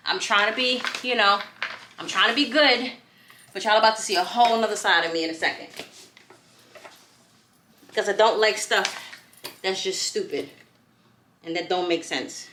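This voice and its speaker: A woman vlogger talks to her camera while putting furniture together in an echoey room at home with faint background noise. Her mid-range voice is bright and forceful, moving at a moderate pace with long pauses, and she's chatty and exasperated, calling her viewers "y'all."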